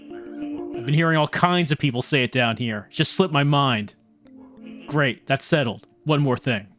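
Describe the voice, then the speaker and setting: A streamer voicing a small, energetic, pompous male film director who barks insults and orders, over faint game music. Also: mid-range voice, measured pace, lightly acted. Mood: brash. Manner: brash, insulting, bossy.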